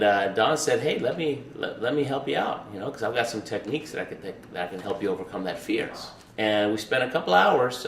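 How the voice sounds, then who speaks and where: Recorded on a roomy, distant mic with faint ambience and a bit of hiss or hum, a man in his thirties who competes in Olympic luge recounts a personal story. His medium-pitched voice runs loose and conversational, full of fillers and repeated words.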